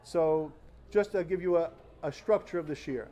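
A young man in his twenties, a yeshiva student, tells a personal story in an animated, earnest way before giving an informal Talmud lecture. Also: a little high, normal speed, lo-fi sound. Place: study hall before fellow students.

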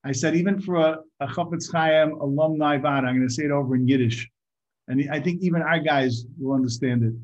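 A man giving an informal Torah talk to a group, halting and repeating his words, sometimes asking the audience questions. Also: a little high, darkish tone. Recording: muffled lo-fi recording.

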